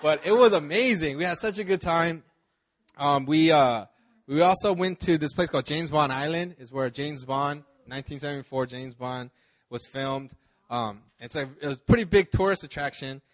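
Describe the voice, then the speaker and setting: A man preaching a relaxed, chatty sermon, telling a vacation story with laughs, fillers and restarts. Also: on the high side, normal speed. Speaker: pastor. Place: church service.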